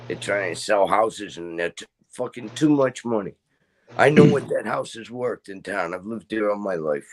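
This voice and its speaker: A man's voice: lowish voice, expressive, normal speed. A middle-aged man in casual chat, telling rambling stories full of swearing. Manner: profane, rambling storyteller.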